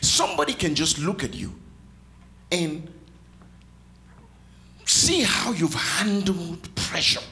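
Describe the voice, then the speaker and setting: A man delivers a sermon to his congregation, calling out to them and joking along the way. His delivery is slow and deliberate, and his pitch rises and falls dramatically. A faint background noise sits under the recording. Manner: lively preaching, calls to the congregation, playful asides. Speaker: pastor. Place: church with congregation.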